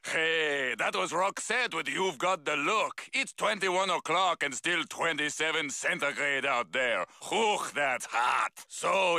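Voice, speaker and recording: A gravelly, bright radio DJ. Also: male voice, fairly high pitch, dry recording, studio quality, heavily acted. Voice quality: gravelly, upbeat patter. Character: slick adult male radio DJ. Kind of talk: radio DJ patter in a cartoon.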